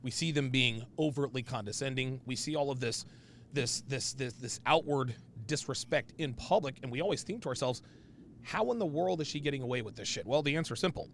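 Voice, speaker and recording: A man's voice: mid-range voice, animated, fairly quick, slight background noise. A man hosting a casual podcast, talking bluntly and emphatically with profanity and restarts. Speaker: podcast host.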